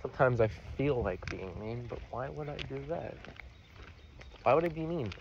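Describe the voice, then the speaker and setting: A man's voice: mid-range voice, animated, moderate pace. A young man vlogging as he walks outdoors, rambling in a casual way and often stifling his laughter. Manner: meandering, giggly, stifles laughs. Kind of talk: rambling casual vlog while walking. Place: outdoors, walking. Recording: dull lo-fi with outdoor noise.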